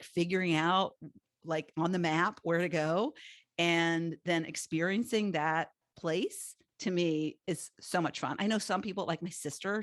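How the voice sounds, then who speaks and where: A woman's voice: lowish voice, dry recording, studio quality. A middle-aged woman from the United States, hosting a solo podcast in a rambling, chatty way, full of fillers and restarts. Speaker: podcast host. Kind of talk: casual solo podcast talk.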